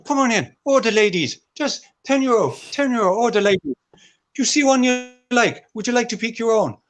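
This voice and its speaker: A man putting on a sleazy, penny-pinching boss acting as a street pimp, upselling in fast patter. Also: extremely high pitch, animated, pitched above the performer's own voice. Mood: sleazy hustling.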